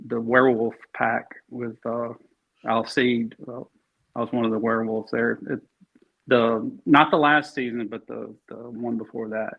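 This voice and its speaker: Gravelly guy chatting loose in an interview, lots of ums, dull lo-fi sound. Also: medium pitch. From Alabama. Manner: easygoing, rambling with many fillers and restarts. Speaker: actor guest. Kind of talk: casual interview chat.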